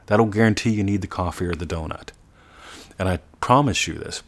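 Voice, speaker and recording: A low-pitched man, a manifestation coach, gives an earnest motivational coaching talk, at times slowing into a soft, drawn-out demonstration voice.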